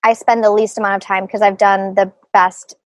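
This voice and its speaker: A woman's voice: mid-range voice, level tone, moderate pace, no room sound, rough recording. A middle-aged woman talking casually as an interview guest, laughing often and full of fillers and restarts. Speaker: guest, group practice owner.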